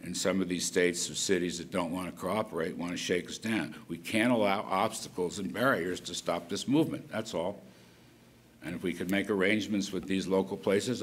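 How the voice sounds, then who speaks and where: A man's voice: lowish voice, slight background noise. An older man giving an off-the-cuff policy speech as a government economic official, rambling with folksy asides. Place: conference hall at an event.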